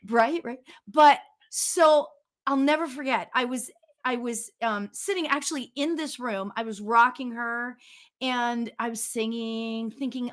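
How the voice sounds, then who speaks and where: This is a woman in her fifties with a notably high voice, chatting casually as the host of a spiritual show. She tells stories with animated energy and breaks into laughter often, heard over a video call. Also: unhurried.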